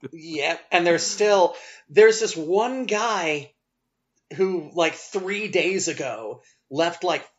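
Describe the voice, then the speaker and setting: A man's voice: high voice, drawn-out words, highs cut off. A man who is a game developer, chatting as a podcast guest in a laid-back, blunt way. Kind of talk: casual chat.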